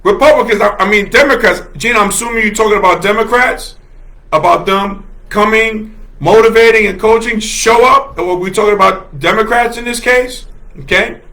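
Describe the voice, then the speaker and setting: A man hosts his own livestream and talks in a high, bright voice with a gravelly edge. He is passionate and emphatic, laughing often and repeating lines to drive his point home as he reads viewer comments aloud. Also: normal speed. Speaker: host. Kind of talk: solo livestream commentary reading chat comments.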